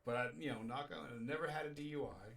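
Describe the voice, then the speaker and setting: A man's voice: mid-range voice, quick pace, gravelly, a bit bright. Laid-back guy host rambling thru a story, laughs here n there, sounds kinda far off the mic. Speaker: show host. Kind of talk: casual radio show chat.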